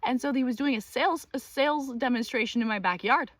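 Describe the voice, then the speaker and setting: A woman hosting her own channel, telling a personal story in a casual, animated and exasperated way, with many fillers. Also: high voice, quick pace, no room sound. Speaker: channel host.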